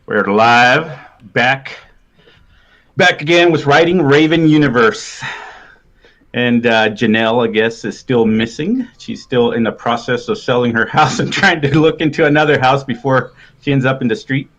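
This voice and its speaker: Male host of a live online show, loose and halting, muffled stream sound. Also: medium pitch, a bit bright. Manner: halting, many fillers and laughs. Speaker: podcast host. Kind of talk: casual live-stream chat.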